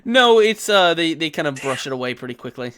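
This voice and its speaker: A man running a tabletop role-playing game as game master, narrating quickly and casually. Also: a little high, clear, resonant tone. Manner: relaxed, quick narration with quoted characters.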